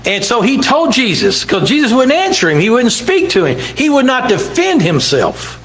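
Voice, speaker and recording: A man's voice: very high-pitched, huge pitch swings, normal speed, hardly any pauses, a bit bright, rough recording. A man preaching a sermon in church, dramatically acting out the people in the scripture stories. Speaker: pastor.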